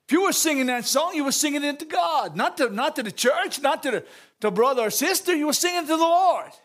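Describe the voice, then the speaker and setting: A man preaching a sermon to his church, calling out to the congregation, laughing and shouting with exuberance. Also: very high-pitched, expressive, a little fast. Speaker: pastor.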